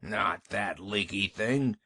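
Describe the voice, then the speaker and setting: A man voicing a domineering, very old family patriarch in an audiobook, speaking in a deep, portentous monotone. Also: takes it slowly, no room sound, clean studio sound, full character voice. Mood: fussy. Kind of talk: audiobook character voice.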